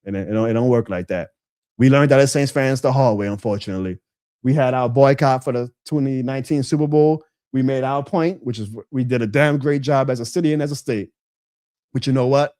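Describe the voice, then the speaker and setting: A man hosting a live sports stream, ranting about football in a fiery, profane, indignant way that swings from loud outbursts to low mutters. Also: brisk, no room sound, clean studio sound.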